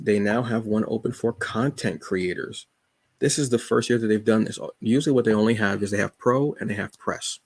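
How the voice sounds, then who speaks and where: Low gravelly man chatting casually. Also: a little mellow, no room sound. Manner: rambling, lots of fillers, enthusiastic. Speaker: podcast host reviewing comics. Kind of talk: casual solo chat.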